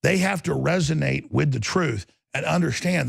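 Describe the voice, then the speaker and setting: A man's voice: a little high, moderate pace, gravelly, breathy edge, no echo. A male talk show host delivering an intense, emphatic, rambling monologue.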